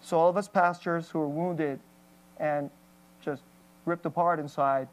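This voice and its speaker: A woman's voice: low-pitched, steady tone, measured pace, low-quality recording. A woman pastor giving an emotional, candid personal testimony in a sermon, with plenty of fillers and restarts.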